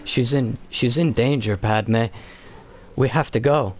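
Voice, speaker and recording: A man imitating an anguished, lovesick young male Jedi in a halting, pleading way. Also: medium pitch, lightly acted.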